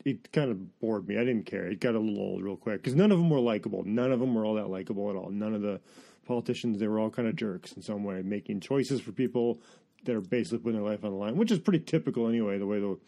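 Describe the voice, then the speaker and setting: A man's voice: on the low side, fast talker, vocal fry, warm tone. A man hosting a casual film review chat, opinionated and rambling, often restarting his sentences. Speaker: movie review podcast host.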